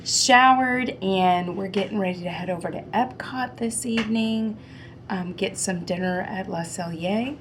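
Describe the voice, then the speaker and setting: A woman's voice: mid-range voice, unhurried, a little hiss or hum. A middle-aged woman from Ohio vlogging casually to camera, stuffy-nosed from allergies, chatty and rambling with lots of ums. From Ohio, United States. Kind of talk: casual vlog chat to camera.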